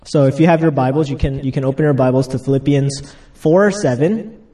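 A man's voice: mid-range voice, a little fast, warm tone, distant mic. A young man giving a casual sermon, chatty, laughing as he acts out stories, just getting over a cold. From United States. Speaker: pastor.

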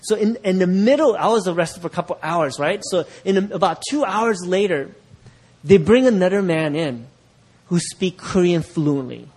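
Animated male pastor telling a story. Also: high voice, normal speed, husky. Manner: animated, laughing while acting out quoted voices. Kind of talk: sermon storytelling.

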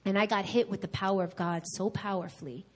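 In a mid-range voice that runs a little fast, a New York woman preaches during a church service and tells her own story. She's candid and animated, hammering points home through repetition.

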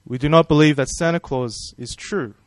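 A man's voice: on the high side, normal speed, no room sound. A man preaching a sermon in a friendly, conversational way, praying and asking the congregation questions. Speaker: pastor.

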